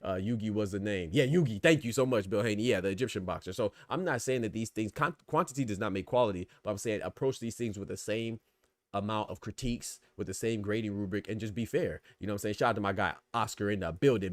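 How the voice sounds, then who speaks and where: A man with a low voice talks quickly as a boxing podcast host, with energy and a string of rhetorical questions. The sound is dry and close, with no room echo. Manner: animated, rhetorical questions, reads chat comments. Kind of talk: casual live-stream commentary.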